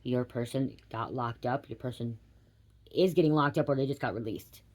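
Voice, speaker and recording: A woman giving a spiritual reading, rambling and swearing casually, ending almost every sentence with a quick "okay?". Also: rumbling low, a little mellow. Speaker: tarot reader.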